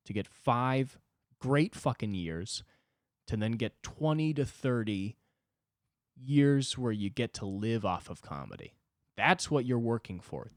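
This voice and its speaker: A man in his twenties hosting a solo comedy podcast, talking self-deprecatingly and swinging between loud outbursts and low muttering. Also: dry recording, studio quality. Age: 20s. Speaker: podcast host.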